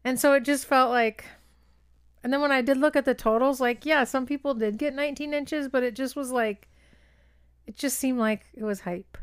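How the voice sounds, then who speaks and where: A woman's voice: high voice, steady tone, moderate pace, smooth, no room sound, studio quality. A woman co-hosting a podcast, chatting in an upbeat, encouraging way and asking lots of questions. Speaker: podcast co-host. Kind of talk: casual chat.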